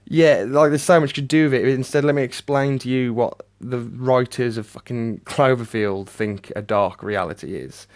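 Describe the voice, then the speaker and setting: A man giving a ranting, sardonic movie review, swearing a lot and swinging between flat mutters and loud outbursts. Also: mid-range voice, normal speed, few pauses.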